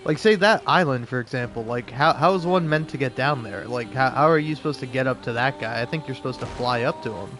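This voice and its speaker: A man's voice: medium pitch, quick pace, few pauses, music in the background. A man giving casual, rambling gameplay commentary, full of fillers and restarts. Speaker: gaming video creator.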